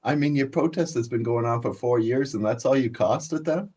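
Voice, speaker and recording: Husky man ranting profanely. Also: mid-range voice, moderate pace, darkish tone. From Canada. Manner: profane, boastful storytelling, laughs a lot. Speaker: channel host. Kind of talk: casual rant to viewers.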